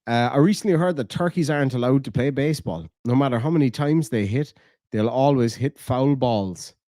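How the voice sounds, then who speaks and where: A man's voice: mid-range voice, brisk, warm tone. An Irish man rambling to his chat on a live stream, loose and sweary, reading out messages as they come. His voice sits in the middle range, and the recording is dry, close and free of room echo. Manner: rambling, swears a lot, reads chat aloud.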